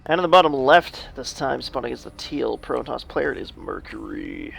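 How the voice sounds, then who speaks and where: A man co-casting a video game match, chatty and gossipy, with a gravelly edge. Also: mid-range voice, animated, normal speed, a bit bright. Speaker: esports co-caster. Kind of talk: casual game commentary.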